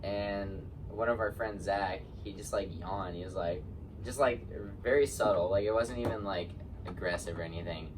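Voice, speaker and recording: A man's voice: deep voice, moderate pace. A teenage boy telling anecdotes in a laid-back, swearing casual chat. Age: teens. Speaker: podcast co-host. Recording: distant mic with faint noise.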